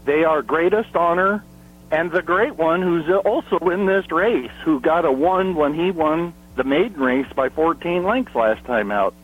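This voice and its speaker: Husky man breaking down horse races. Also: fairly high pitch, lively intonation, measured pace. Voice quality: husky, clears throat often. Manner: emphatic, piles up stats, rhetorical questions. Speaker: horse racing analyst. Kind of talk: racing analysis on a phone-in. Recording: phone line.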